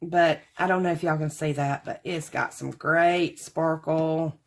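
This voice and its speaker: A chatty woman in her forties, talking casually to viewers in a rambling, homey way. Her voice sits a little low for a woman. She keeps addressing her audience as y'all. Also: fairly even intonation, a little slow. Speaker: craft haul vlogger. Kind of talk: casual chat to camera.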